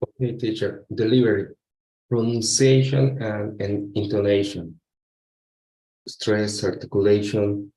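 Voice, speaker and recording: A male student reading a list of terms aloud for his teacher, slowly and carefully. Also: fairly low pitch, mellow. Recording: echoey room.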